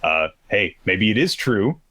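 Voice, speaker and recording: A man co-hosting a podcast, casually recapping manga chapters, rambling and acting out characters' lines in quick pitched-up quotes. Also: big pitch swings, pushed and bright, no room sound. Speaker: podcast co-host.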